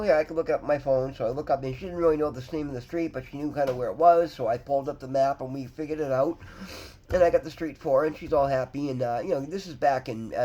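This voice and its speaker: A man's voice: medium pitch, dark tone, a little hiss or hum. A man telling a personal story in a rambling, earnest way, full of fillers and restarts. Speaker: vlogger in recovery.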